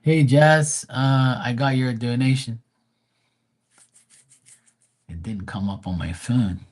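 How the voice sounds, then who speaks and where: A man's voice: medium pitch, slow. A man in his forties chatting casually on a live stream as a tarot reader, rambling and swearing in a laid-back way. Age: 40s.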